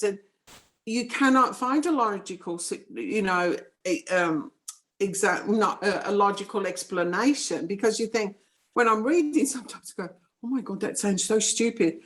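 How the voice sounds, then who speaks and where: A woman's voice: mid-range voice, moderate pace. A middle-aged woman with a New Zealand accent, a psychic medium speaking frankly and firmly in a casual interview. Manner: frank, firm and matter-of-fact.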